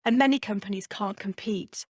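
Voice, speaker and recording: A woman's voice: medium pitch, moderate pace, darkish tone, dry recording, clean studio sound. A woman with a Geordie accent, a company chief executive answering podcast interview questions in a confident, upbeat, businesslike way. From Newcastle, England. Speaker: brewery chief executive, guest.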